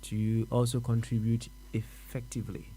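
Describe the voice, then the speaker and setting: A man with a Ghanaian accent talks his way through a radio show in an ordinary middle-range voice. He muses aloud, circles back over his own words and nods himself along with soft uh-huhs. A low electrical hum sits under the recording. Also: monotone, moderate pace. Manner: musing, repeats words, answers himself with uh-huh. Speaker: radio host. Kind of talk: reflective radio talk.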